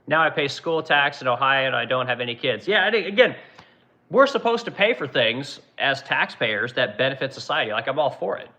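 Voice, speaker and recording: A man's voice: mid-range voice, very animated, fairly quick, pushed and bright, poor audio. A man running a livestream as a furniture manufacturer, reading chat comments and ranting bluntly with plenty of profanity.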